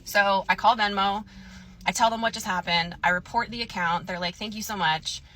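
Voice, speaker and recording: A woman casually recounting her own story in a chatty, animated way, often acting out both sides of conversations. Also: mid-range voice, moderate pace.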